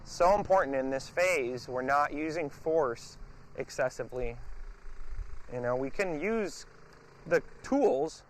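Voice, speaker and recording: A man's voice: a little high, animated, slow, slight background noise. A man working as a dog trainer, explaining his method during a hands-on session and breaking off to give the dog short, firm commands.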